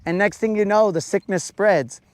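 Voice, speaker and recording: A man's voice: high voice, moderate pace, no echo. A man chatting casually on a live stream while fishing outdoors on a lake, ranting in a playful, mock-serious way and stretching out his words.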